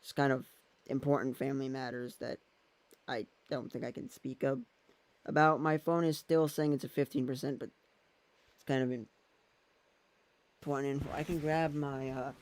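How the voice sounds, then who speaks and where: Smooth-voiced man rambling casually. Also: mid-range voice, fairly even intonation, moderate pace, pauses often. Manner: thinks aloud while using his phone and laptop, meandering. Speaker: vlogger.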